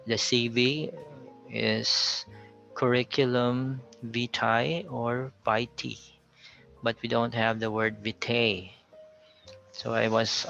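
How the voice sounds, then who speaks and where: A Filipino man gives a careful pronunciation lesson in a slow, flat delivery, repeating each word to contrast how it sounds. His voice is bright and gravelly. The recording is a little dull, with soft music underneath. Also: mid-range voice. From Philippines. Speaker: teacher.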